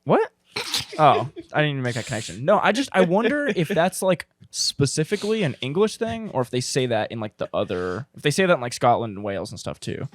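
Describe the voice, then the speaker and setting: A young man rambles through his thoughts on a podcast, full of "like" and curses, his pitch rising and falling a lot. He laughs easily. The recording is close and dry. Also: big pitch swings, a little fast, dry recording. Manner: rambling, lots of "like", swearing, laughing. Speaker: podcast co-host. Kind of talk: casual chat. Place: indoor room, on a couch.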